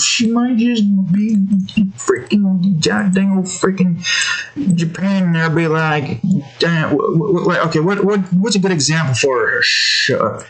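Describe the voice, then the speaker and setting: A man talks casually while drawing, his voice sitting a little high and leaping up and down with lively swings in pitch. His tone is husky, and he rambles along, trailing off into fillers before catching himself and starting again. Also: slow, low-quality recording. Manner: rambling, animated, breaks off with fillers and restarts. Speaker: artist and video creator.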